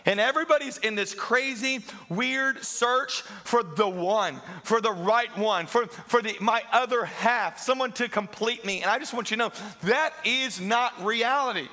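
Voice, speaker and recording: A man's voice: very high voice, a little slow, few pauses, sharp tone. A middle-aged man preaching a sermon as pastor, emphatic and repeating phrases for stress.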